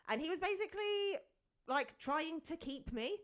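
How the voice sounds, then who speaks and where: A woman co-hosting a podcast in casual chat, telling a story in a relaxed way and throwing in dry, teasing quips. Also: very high voice, normal speed. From England. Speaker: podcast co-host.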